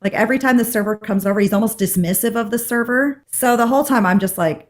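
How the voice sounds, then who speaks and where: A woman co-hosting a podcast, telling a story in animated casual chat and acting out the dialogue. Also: a little high, quick pace, hardly any pauses. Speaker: podcast co-host.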